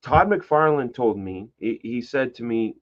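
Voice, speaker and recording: A man's voice: medium pitch, a little slow, lo-fi sound. A man telling stories in a casual podcast chat, swearing freely and acting out what others said. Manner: animated storyteller, swears, acts out quotes. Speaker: comic book artist guest.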